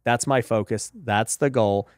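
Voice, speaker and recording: A man's voice: medium pitch, measured pace, dry recording, clean studio sound. A man hosting a podcast, talking casually and emphatically about faith and business, peppered with "you know" and "right?". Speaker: podcast host.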